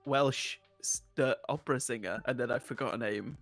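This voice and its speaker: A man's voice: mid-range voice, normal speed, fairly bright tone, faint music behind. A man streaming a game, chatting casually in a giggly, playful way.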